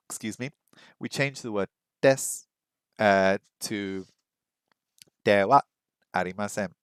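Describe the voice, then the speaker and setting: A man's voice: mid-range voice, no room sound. A man from Britain casually talking through his language-learning practice, chatty and self-deprecating with plenty of ums and uhs.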